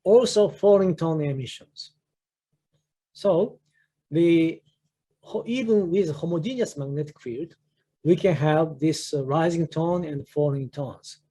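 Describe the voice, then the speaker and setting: Older Japanese-accented man, halting lecture. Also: a little high, warm tone. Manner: halting, many "uh" fillers and restarts. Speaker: professor giving a research seminar. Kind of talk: academic lecture.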